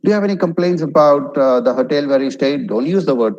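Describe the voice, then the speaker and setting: A man teaching English pronunciation and vocabulary in an online lesson, drilling single words slowly for learners to repeat. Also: fairly high pitch, animated, darkish tone, highs cut off.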